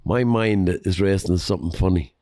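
A man's voice: deep voice, brisk, warm tone, no echo, clean studio sound. A man, co-hosting a podcast in an easygoing way with many "you know" asides. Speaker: podcast co-host. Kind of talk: casual chat.

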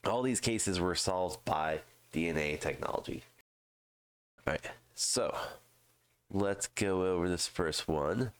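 A congested man, hosting a true crime show and reading a news article aloud, halting with fillers and restarts. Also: low-pitched, no echo. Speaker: true crime podcast host.

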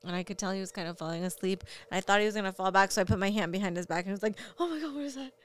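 A woman's voice: medium pitch, fairly even intonation, very fast, clear, resonant tone. Young mother telling a candid story. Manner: candid storytelling, frequent fillers. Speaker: parent. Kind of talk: casual chat.

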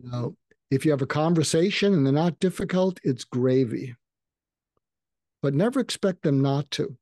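A man's voice: fairly high pitch, animated, moderate pace, warm tone, dry recording, clean studio sound. An older man, a psychiatrist guest in a podcast interview, explaining advice and acting out sample lines in a raised voice.

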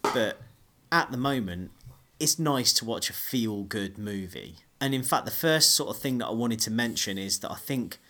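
A man's voice: lowish voice, lively intonation, moderate pace, hardly any pauses, bright, forceful tone. A man co-hosting a podcast in casual chat, rambling and often restarting his sentences. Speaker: podcast co-host.

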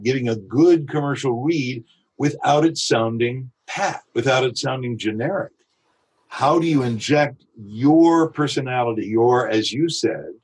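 A man, a voice actor, talking through his craft in a podcast interview, reflective and full of examples. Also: medium pitch. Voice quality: husky. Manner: reflective, explains with examples and quick imitations. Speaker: voice actor guest.

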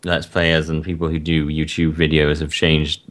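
A man's voice: extremely low pitch, completely flat delivery, normal speed, a bit bright. A man co-hosting a podcast in casual chat, often restarting his words. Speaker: podcast co-host.

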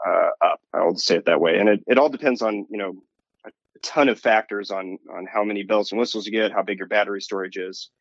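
A man's voice: on the low side, a bit bright, no echo, highs cut off. A man speaking as an industry analyst in a radio interview, talking loosely with frequent restarts. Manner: rambling, restarts often. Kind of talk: interview answer.

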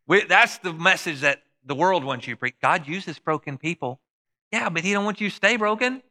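A pastor preaching a sermon in a conversational way, acting out the voices of Bible figures. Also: male voice, sits high, animated, fairly quick, pushed and bright.

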